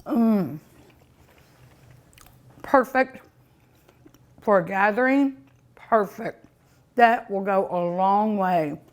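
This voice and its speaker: A woman's voice: mid-range voice, drawn-out words, pauses often. A woman hosting a cooking show, tasting her food with many delighted mmms and chatting to her dog and her viewers. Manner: sometimes talks with mouth full. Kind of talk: casual food tasting vlog.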